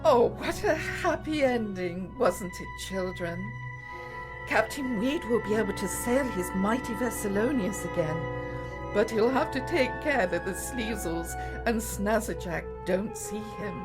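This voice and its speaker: A woman narrating a children's story gently, often dropping to a hushed whisper. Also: medium pitch, measured pace. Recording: faint music behind.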